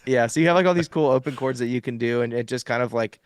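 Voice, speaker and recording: In this casual interview chat, a young man who is a guest musician talks quickly in a mid-range voice, relaxed and going into lots of detail padded with fillers. It's studio-quality audio without any echo.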